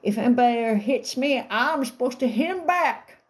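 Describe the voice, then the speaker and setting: A woman doing a calm little boy. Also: fairly high pitch, a little fast, voice pushed up, close to an everyday voice. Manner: calm, matter-of-fact, with a put-on accent.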